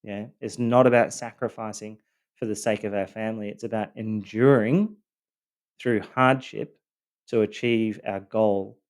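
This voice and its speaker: A man with a fairly low voice hosts a podcast, telling his own life story in a loosely scripted monologue. He speaks earnestly and haltingly, with frequent fillers, restarts and repeated words. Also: fairly even intonation.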